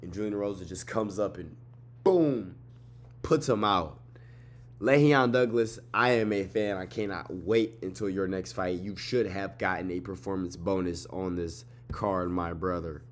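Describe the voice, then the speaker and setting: Tired young guy with a lowish voice, excitable, profane fight recap vlogger. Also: moderate pace. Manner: excitable, swearing, repeats phrases, trash-talks. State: tired, yawning late at night. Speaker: MMA fight recap host. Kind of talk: casual fight breakdown vlog.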